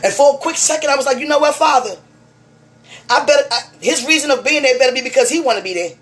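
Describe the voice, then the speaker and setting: A woman's voice: high-pitched, quick pace. Fervent woman preaching a spiritual message. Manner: fervent, preaching, repeats phrases. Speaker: person giving a spiritual message. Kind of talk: emotional spiritual monologue to one listener.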